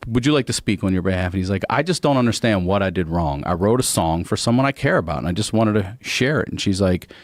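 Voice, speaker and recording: A man from Baltimore spins a comic story in a studio chat, his low voice rising and falling a lot as he acts out the people in it. The sound is dry and close to the mic. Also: fast, few pauses, no room sound. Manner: animated, acts out voices and sings bits. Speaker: comedian guest.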